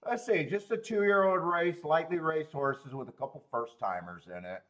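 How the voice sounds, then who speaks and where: A man hosting a horse racing betting livestream, thinking aloud through the odds and cracking himself up with loud bursts of laughter. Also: a little high, animated, moderate pace, lo-fi sound. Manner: thinks aloud, laughs at his own jokes; loud bursts when amused. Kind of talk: casual livestream handicapping commentary.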